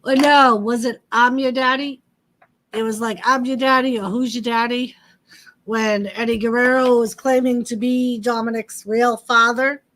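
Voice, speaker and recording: Slow, chatty woman streamer. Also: fairly high pitch, fairly even intonation, fairly bright tone. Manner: chatty, greets viewers by name, talks to pets. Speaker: livestream host. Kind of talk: casual live wrestling commentary and chat.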